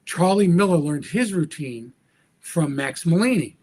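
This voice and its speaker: A man's voice: on the high side, unhurried, a little hiss or hum. A man, a magician guest on a podcast, telling a story with energy and acting out the voices of the people in it. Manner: acts out quoted dialogue with lively voice shifts. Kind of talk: animated anecdotal storytelling.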